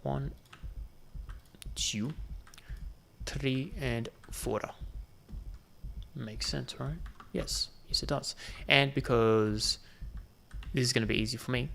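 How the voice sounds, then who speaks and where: Gaming host, male, gravelly middle voice, talks to himself while playing. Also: medium pitch, takes it slowly, pauses often, fairly bright tone, slight background noise. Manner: thinking aloud, muttering counts to himself. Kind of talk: gameplay commentary.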